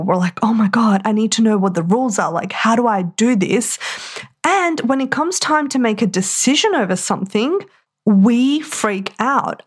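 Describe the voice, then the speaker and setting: A woman talking in a casual, chatty way to her audience as a business coach, emphatic and full of "like". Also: on the high side. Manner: chatty, heavy use of "like", emphatic. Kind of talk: casual motivational monologue.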